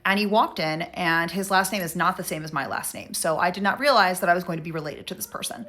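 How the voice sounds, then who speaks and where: A woman's voice: on the low side, fast talker, fairly bright tone. A woman casually telling a personal story, chatty, acting out both sides of a conversation.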